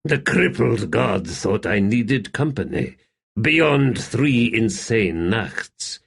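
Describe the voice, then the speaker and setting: A man's voice: on the low side, animated, slow, gravelly, breathy edge, full character voice. A man reading an audiobook, voicing a weary middle-aged smith with a dry, tired manner. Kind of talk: audiobook character voice.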